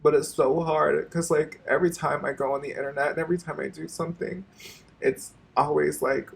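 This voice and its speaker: A man vlogging an emotional personal confession to his viewers, halting and repeating himself and swearing often. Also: fairly high pitch, steady tone, gravelly, breathy edge.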